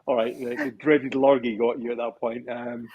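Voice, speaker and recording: Guy, husky, rambling podcast chat, lots of restarts. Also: mid-range voice, little pitch movement, normal speed, darkish tone, poor audio. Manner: rambling, repeats words when starting sentences. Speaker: event organizer on a podcast. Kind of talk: casual chat.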